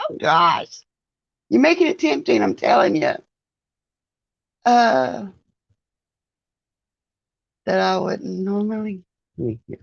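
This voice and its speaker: Slow gravelly woman chatting on a livestream. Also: mid-range voice, big pitch swings, dry recording, lo-fi sound. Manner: chatty, greets viewers by name, laughs often. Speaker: livestream host. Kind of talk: casual live-stream chat with viewers.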